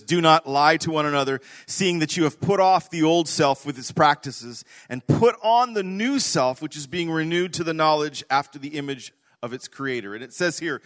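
A man preaching a sermon, telling an animated story, swinging from loud to hushed. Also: fairly high pitch. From Canada. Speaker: pastor.

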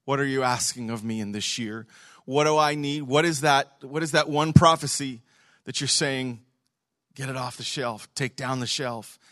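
A man's voice: medium pitch, moderate pace, pushed and bright, dry recording. Middle-aged man, pastor, emphatic repetitive sermon delivery, dry close sound. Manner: emphatic, repeats phrases for stress. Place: church service.

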